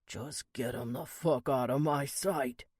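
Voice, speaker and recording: A man's voice: medium pitch, slow, husky, no echo, clean studio sound. A man doing a roaring older biker boss. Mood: raging. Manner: roaring, threatening, swearing. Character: raging older male biker club boss. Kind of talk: audiobook character reading.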